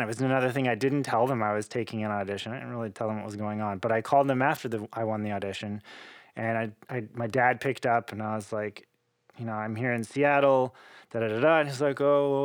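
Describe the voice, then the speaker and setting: A man's voice: medium pitch, dry recording. Guy telling stories in an interview, laughs a lot, dry sound. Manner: animated, laughing storyteller. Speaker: interview guest, cellist. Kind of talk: casual storytelling interview.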